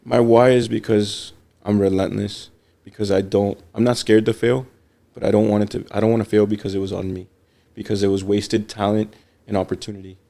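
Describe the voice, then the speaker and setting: Guest: gravelly man in his thirties, quick and earnest, dark-toned casual talk. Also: on the low side, flat delivery. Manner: fast, earnest, laughs often. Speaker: podcast guest, butcher shop owner. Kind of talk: casual chat.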